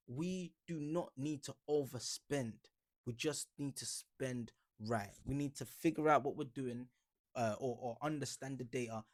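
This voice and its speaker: Laid-back football vlogger. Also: male voice, mid-range voice, a little mellow. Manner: laid-back and joking, rambling with slang and fillers. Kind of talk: casual reaction vlog.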